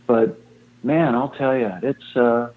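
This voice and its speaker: A man's voice: medium pitch, steady tone, slow pace. A man in his sixties, a fire chief, talking as an interview guest in a rambling, self-deprecating way and repeating himself often. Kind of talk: casual interview talk. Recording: tinny phone-line sound.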